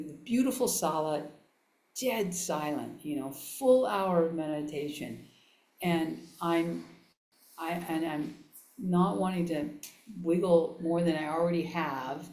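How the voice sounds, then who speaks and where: A woman giving a relaxed, chatty dharma talk to a live audience, laughing often and restarting her sentences. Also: on the low side. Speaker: Buddhist nun teacher. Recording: echoey room.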